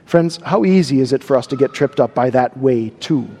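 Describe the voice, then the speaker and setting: A man's voice: mid-range voice, animated, normal speed, dark tone, slightly rough, in a large hall. A man preaching a sermon, stressing and repeating key words. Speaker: pastor.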